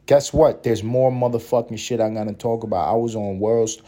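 A man hosting a solo podcast, ranting about basketball in a profane, opinionated, animated way. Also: lowish voice, a little fast, hardly any pauses. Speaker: podcast host.

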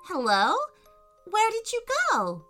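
Brief: woman doing a worried little girl, high, lively and bright. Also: slow pace, soft background music, exaggerated voice. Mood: puzzled. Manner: high pleading childlike voice. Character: young girl, worried and tearful.

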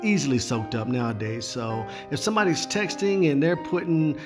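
A man hosting a call-in show, giving his view in a relaxed, halting way as he thinks aloud. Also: mid-range voice, music in the background. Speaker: host.

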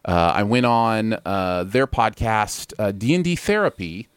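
A man's voice: fairly low pitch, lively intonation, unhurried, clean tone, dry recording, studio quality. A man hosting a casual pop-culture podcast, chatty and loose, chuckling between lines and using plenty of fillers. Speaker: podcast host.

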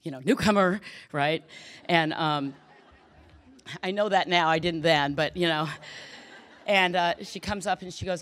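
A middle-aged woman gives a personal testimony about her recovery to a group, candid, emotional, and self-deprecating. Her voice sits low but is a bit bright, at a moderate pace.

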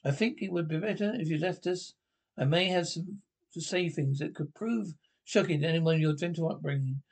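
A man with a gravelly voice speaking fussy, flustered dialogue in a 1970s period film comedy. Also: fairly high pitch, fairly quick.

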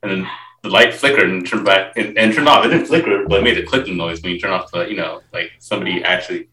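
A man hosting a casual interview, telling stories excitably and repeating himself. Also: sits low, quick pace, reverberant, recorded from a distance, low-quality recording. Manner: excitable storytelling, repeats words.

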